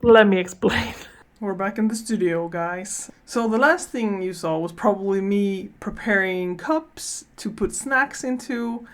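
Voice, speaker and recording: Woman vlogger, mid-range voice, casual animated storyteller who laughs often, recorded in a studio. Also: mid-range voice, unhurried.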